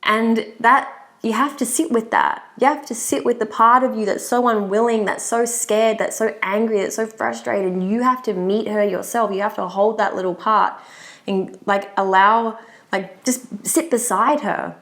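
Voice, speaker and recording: Young woman, relationship coach co-host, candid and heartfelt, quick to laugh. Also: mid-range voice, fairly bright tone. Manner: open, heartfelt, laughs often. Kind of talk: casual podcast conversation.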